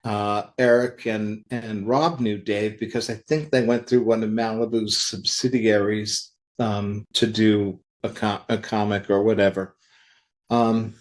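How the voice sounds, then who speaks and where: Guy in comics telling old stories on a podcast, animated, does the voices of the people he quotes. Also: fairly low pitch. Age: older. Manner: animated anecdotal storytelling, acts out quoted dialogue. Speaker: interview guest, comic creator. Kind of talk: storytelling in a podcast interview.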